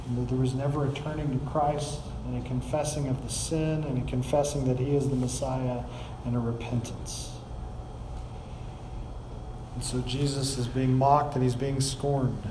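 A man's voice: medium pitch, level tone, measured pace, long pauses, roomy sound, background noise. A man preaching a sermon, reading scripture aloud and explaining it with rising emphasis. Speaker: pastor.

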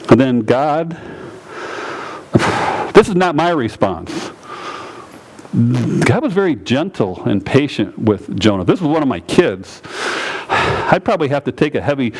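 A male pastor preaching a sermon, emphatic, dropping low and slow and then rising high and loud. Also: low-quality recording.

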